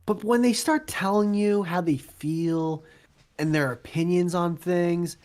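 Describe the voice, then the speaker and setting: Mężczyzna, spokojny, sarkastyczny ton. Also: male voice, high-pitched, steady tone, measured pace, a little mellow. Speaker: podcast co-host. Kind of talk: casual chat.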